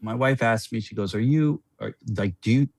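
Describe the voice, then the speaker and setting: A middle-aged man, a former player as podcast guest, telling a story in a rambling, animated way with many restarts. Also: mid-range voice, normal speed, creaky, no echo.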